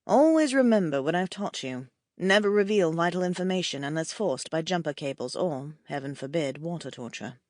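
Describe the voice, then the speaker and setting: A proper ghostly mentor speaks low and stern, chiding in a dry, formal tone, as a woman acts him out. His words come quiet and clipped. The audiobook sound is close and dry. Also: animated, moderate pace, no echo.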